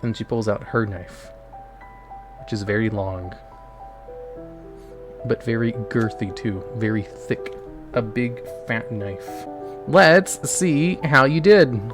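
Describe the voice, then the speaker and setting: A man's voice: fairly low pitch, steady tone, slow pace, long pauses. Casual male streamer narrating adventure. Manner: casual, playful storyteller addressing chat. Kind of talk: live-streamed choose-your-own-adventure narration. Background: background music.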